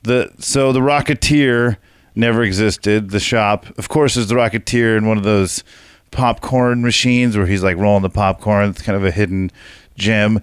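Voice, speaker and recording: A man's voice: fairly low pitch, fairly even intonation, normal speed, clear, resonant tone, no room sound. A man hosting a comedy podcast in a loose, slangy way, reading out joke quiz questions with playful emphasis. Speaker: podcast host.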